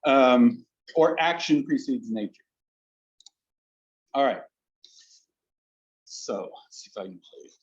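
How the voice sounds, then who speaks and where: A man who is a philosophy lecturer, giving an academic talk to an audience in a discursive, emphatic way that often corrects itself mid-sentence. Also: on the high side. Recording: dull lo-fi lecture recording.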